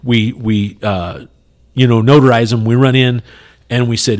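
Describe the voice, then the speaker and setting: Storytelling podcast host, casual and animated. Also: male voice, medium pitch, normal speed. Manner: animated, retells scenes in quoted dialogue, many "you know" fillers.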